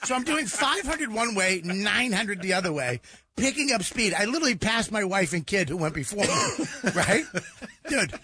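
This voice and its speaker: A middle-aged man telling a comic story on a talk show, animated and exaggerating, acting out the people in it. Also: high-pitched, normal speed, husky. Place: radio studio. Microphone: studio microphone.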